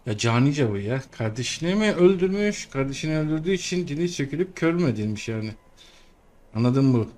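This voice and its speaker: A man giving loud, exclaiming casual commentary over a game as a let's play host. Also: on the high side, lively intonation, quick pace.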